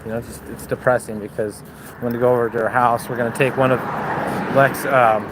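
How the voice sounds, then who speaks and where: Man, casual livestream chat, mid pitch, swears freely, outdoor phone recording, clear street traffic noise. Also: flat delivery, fast talker. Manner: casual, swears freely, chatty, talks to dogs. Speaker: dog breeder vlogger. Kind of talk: casual livestream chat while dog walking. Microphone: phone held while walking.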